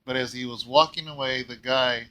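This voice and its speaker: A man pastoring a church, telling a story in a casual, rambling way and often clearing his throat. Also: mid-range voice, fairly even intonation, normal speed, pushed and bright, rough recording. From California. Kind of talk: casual Bible talk.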